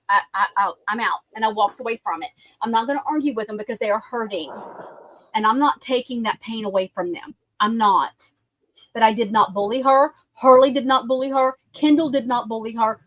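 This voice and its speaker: A woman's voice: high-pitched, a bit bright, no room sound, poor audio. A woman with a Southern US accent hosting a livestream, talking bluntly with heated profanity. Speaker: livestream host. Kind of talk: casual heated livestream chat.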